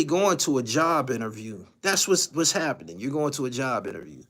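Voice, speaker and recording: A man's voice: mid-range voice, very animated, fairly quick, few pauses, a bit bright. A man hosting a livestream, giving profane, ranting commentary and repeating his lines for emphasis. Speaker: channel host.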